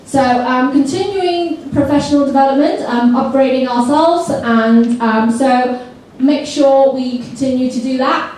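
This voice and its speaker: A woman presents a training seminar to teachers, lively and coaxing as she gets the room to repeat words back. Her voice sits a little high. The recording is taken from a distance in a very echoey hall. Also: measured pace, a little hiss or hum. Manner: lively, coaxes the audience to repeat words aloud.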